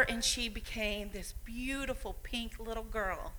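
A woman's voice: fairly high pitch, a little slow, bright, forceful tone, rough recording. An older woman, a grandmother, speaking informally into a handheld microphone at a church service, chatty and rambling with frequent laughs. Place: church hall.

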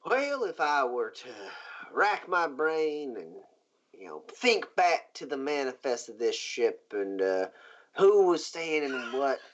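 A man narrating as game master in a tabletop game, halting with many fillers. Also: fairly high pitch, very animated, fairly bright tone, lo-fi sound.

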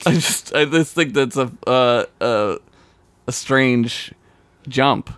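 A man's voice: mid-range voice, slow pace, a bit bright, dry recording. A man co-hosting a podcast, playful and self-mocking in casual banter, often laughing. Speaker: podcast co-host.

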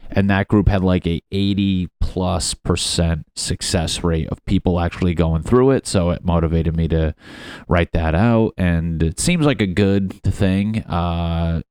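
A man's voice: low-pitched, measured pace, a little mellow, clean tone, no room sound, clean studio sound. A young man hosting a casual solo podcast, rambling and self-mocking with plenty of swearing. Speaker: podcast host.

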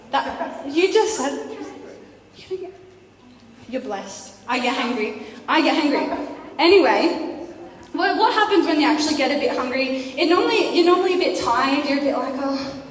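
A woman's voice: high voice, expressive, moderate pace, long pauses. A woman giving a casual, playful youth sermon, chatting and teasing her listeners with questions. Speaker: youth preacher. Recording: echoey hall from far off.

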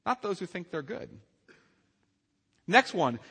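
A man's voice: high voice, big pitch swings, normal speed, a bit bright, husky, in a large hall. A man preaching a sermon as pastor, earnest and emphatic, asking his listeners questions. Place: church sanctuary.

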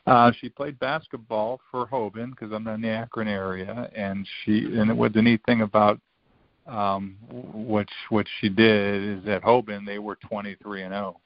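A man in his fifties tells old stories in a loose, rambling way, doubling back and acting out quotes. His voice is low and gravelly. The recording sounds dry and a bit dull, with a lo-fi edge. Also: steady tone, moderate pace, dry recording. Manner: rambling, full of restarts and quoted dialogue. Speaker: podcast guest, former college football player. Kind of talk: casual storytelling.

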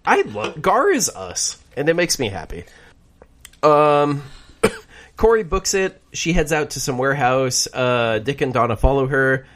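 Animated young man recapping a show. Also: medium pitch, measured pace. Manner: goofy, does silly voices, recaps eagerly. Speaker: podcast co-host. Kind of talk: casual chat.

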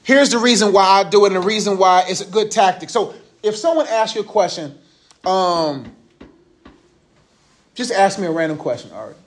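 A man's voice: high voice, expressive, normal speed, long pauses. A man in his thirties giving a casual, joking Bible lesson to a youth group. He uses slang and asks the group questions.

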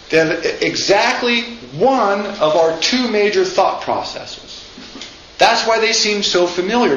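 A man's voice: high-pitched, fairly bright tone. A man giving an informal lecture, chatty, often asking "right?" and acting out quotes. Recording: echoey room, slightly dull sound, faint noise.

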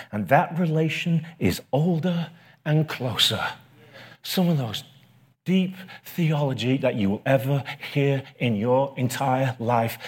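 A man's voice: mid-range voice, slightly rough. A man, a pastor, preaching a sermon in a conversational way, building to rising emphasis.

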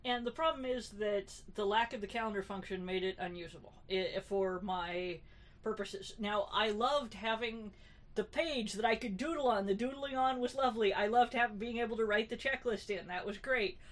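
A woman co-hosting a podcast in relaxed, wry chat. Her voice sits in a middle pitch, and she keeps going with plenty of fillers and self-corrections. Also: moderate pace. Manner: chatty and wry, many fillers and restarts. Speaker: podcast co-host.

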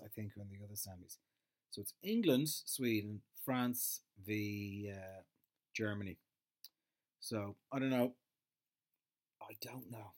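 Sweary sarcastic man ranting. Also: medium pitch. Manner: sarcastic, swears a lot, rambling. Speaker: solo commentator. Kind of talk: casual sweary rant.

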